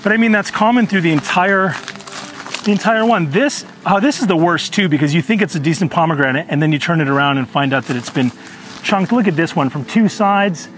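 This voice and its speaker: A man's voice: a little high, brisk, a bit bright, a little hiss or hum. A man hosting a casual gardening tutorial in his home orchard, talking earnestly with frequent ums. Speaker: gardening channel host.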